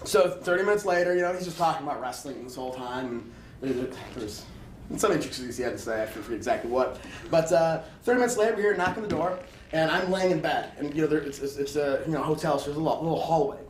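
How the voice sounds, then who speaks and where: A man's voice: fairly high pitch, quick pace, far from the mic. A man telling a story as an interview guest in a profane, rambling, laughing way. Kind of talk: casual storytelling. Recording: roomy, off-mic, faint room hiss.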